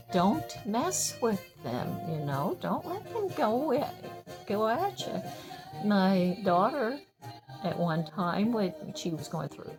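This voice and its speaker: Older woman, casual rambling stories, laughs a lot, clear music underneath. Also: on the low side. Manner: animated, laughs often, rambling with restarts. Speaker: storyteller sharing memories. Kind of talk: casual personal storytelling.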